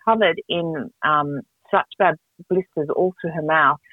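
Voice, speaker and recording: A middle-aged woman, telling stories in a casual podcast chat, animated and quick to laugh. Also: dry recording. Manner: animated, laughing, jumps between pitches. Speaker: podcast co-host. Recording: tinny phone-like dry sound.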